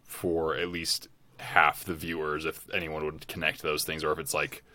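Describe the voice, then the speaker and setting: A very deep-voiced man on a podcast, asking questions about a show and hedging as he goes, with plenty of fillers. He is recorded dry and close, with no echo. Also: little pitch movement, normal speed, sharp tone. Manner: questioning, hesitant, full of "like". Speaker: podcast co-host. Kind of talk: casual chat.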